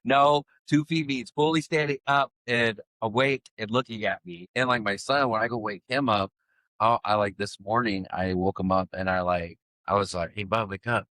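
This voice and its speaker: A man's voice: on the low side, steady tone, normal speed, fairly bright tone, no echo. A middle-aged man co-hosting a podcast, telling stories in rambling casual chat full of fillers. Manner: rambling storyteller, many fillers. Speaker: podcast co-host.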